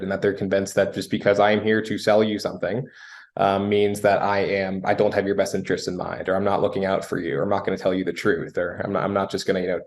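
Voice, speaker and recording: A young man from the United States, a sales guest telling a story in a relaxed, casual interview manner with frequent fillers. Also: low voice.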